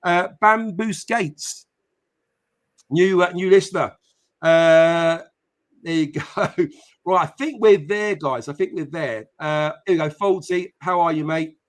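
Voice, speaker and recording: A chatty man hosts a live football podcast stream, his voice sitting a little higher than most men's. He talks casually with plenty of ums and uhs. He greets viewers one by one by name. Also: slow pace. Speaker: podcast host.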